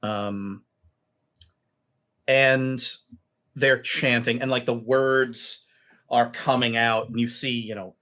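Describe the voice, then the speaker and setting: A man acting as game master narrates a tabletop game, telling the story unhurriedly and with many fillers. His medium-pitched voice is steady in tone, pushed and bright.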